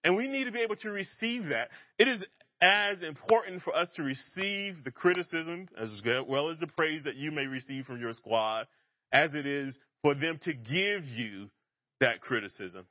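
A man preaching a relaxed, conversational sermon, joking and laughing at himself as he teaches. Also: a little high, normal speed, no echo, highs cut off. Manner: casual and self-deprecating, laughs at himself.

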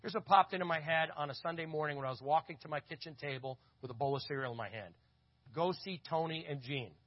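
A man telling a lively story in a sermon, acting out the voices of the people in it. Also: a little high, rapid-fire, no room sound. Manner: animated, acts out quoted voices. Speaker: conference speaker. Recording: dull lo-fi audio.

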